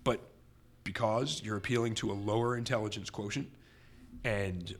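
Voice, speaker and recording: A man hosting a podcast in casual chat, talking in animated, rambling, emphatic runs. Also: on the low side, moderate pace, a little hiss or hum. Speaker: podcast host.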